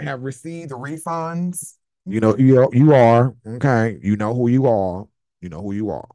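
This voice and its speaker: A man's voice: medium pitch, creaky. A man hosting a casual live chat with callers, telling stories bluntly, animatedly and with plenty of swearing. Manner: blunt, profane, animated storytelling. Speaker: host.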